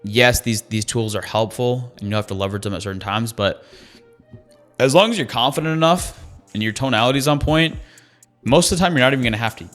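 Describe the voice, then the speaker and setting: A man's voice: medium pitch, fast, fairly bright tone, faint music behind. A man giving sales training in an emphatic, conversational way, repeating his key phrases. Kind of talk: coaching talk on sales calls.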